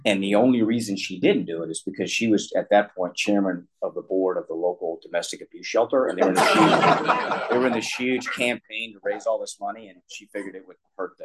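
A man's voice: lowish voice, brisk, a loud crowd, poor audio. A middle-aged man candidly telling a personal story, rambling and self-deprecating, often restarting his sentences. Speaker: guest sharing recovery story.

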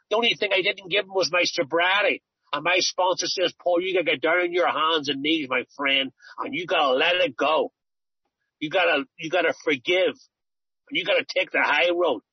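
A middle-aged man tells his recovery story in an earnest, rambling way, often circling back on his words. His voice is husky and sits a little high for a man. The recording is dry and dull. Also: normal speed, no room sound. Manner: earnest, storytelling, repeats himself. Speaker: recovery speaker. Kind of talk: personal testimony talk.

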